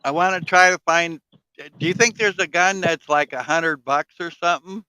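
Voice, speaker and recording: A man's voice: a little high, moderate pace, pushed and bright, clean tone, no room sound, low-quality recording. A man in casual chat, telling rambling stories with fillers, swearing and frequent laughter.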